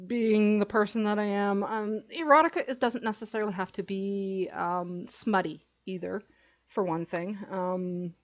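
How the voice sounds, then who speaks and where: A woman's voice: on the low side, lo-fi sound. A woman who writes erotica, talking frankly and animatedly as a podcast guest, with many fillers. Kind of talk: casual podcast chat.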